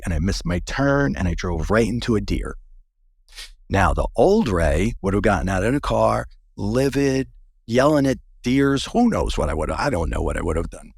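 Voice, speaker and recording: Male interview guest, low gravelly husky voice, earnest storyteller who restarts sentences, dry close sound. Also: darkish tone, dry recording.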